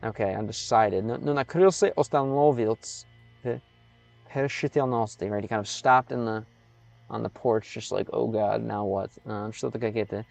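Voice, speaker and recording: An American man streaming live in casual commentary, halting and repeating words as he slowly sounds out foreign phrases. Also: fairly low pitch, gravelly, darkish tone, dry recording, faint music behind. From United States.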